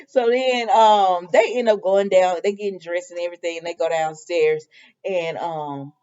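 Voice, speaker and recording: A woman casually recapping soap episodes, chatty and animated, acting out the characters' lines. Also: lowish voice, moderate pace, dull audio. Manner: animated, laughing, acts out quotes. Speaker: soap opera recap vlogger.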